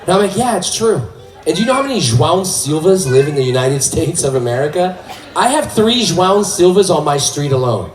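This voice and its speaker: A man from California doing stand-up on a hall stage, loudly working the crowd and shouting punchlines. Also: on the high side, sing-song, fairly quick. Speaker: stand-up comedian. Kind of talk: stand-up comedy. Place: stage in a hall, live audience. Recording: echoey hall, mic at distance, crowd noise.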